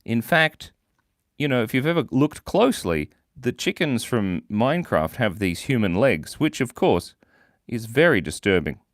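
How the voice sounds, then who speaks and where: A playful young man chats through a live drawing stream, reading viewer comments and joking as he goes. His voice leaps all over the place in pitch. The sound is dry and close, with no room echo. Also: sing-song, normal speed. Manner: playful, chatty, reads viewer comments aloud. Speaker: livestream host drawing for viewers. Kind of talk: casual live-stream chat.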